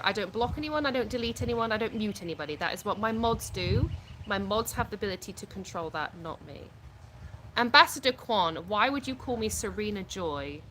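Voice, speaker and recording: A woman's voice: mid-range voice, bright, forceful tone, a little hiss or hum. A British woman from the UK hosting a casual live stream at home, reading viewer comments aloud and answering them frankly, often laughing. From United Kingdom.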